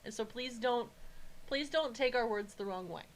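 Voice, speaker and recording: A woman co-hosting a casual podcast chat, rambling quickly and laughing often. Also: on the high side, rough recording. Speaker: podcast co-host.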